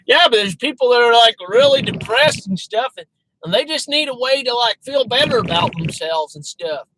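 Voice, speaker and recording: A man putting on the voice of a whiny young man who pleads in a rushed way in defense of self-care. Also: very high voice, expressive, noisy background, pitched above the performer's own voice. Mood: pleading.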